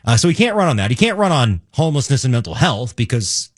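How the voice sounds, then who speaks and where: Wry husky male radio co-host, dry mic. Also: medium pitch, big pitch swings, fast, no room sound. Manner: wry, mock-indignant. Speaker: radio talk show co-host. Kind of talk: casual political banter.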